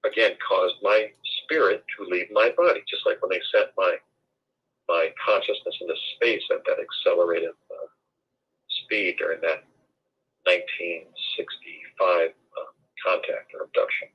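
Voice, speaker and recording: Husky-voiced man in his 60s, lo-fi line. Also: sits low, moderate pace. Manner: rambling, digressive storyteller. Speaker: guest. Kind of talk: long-form interview storytelling.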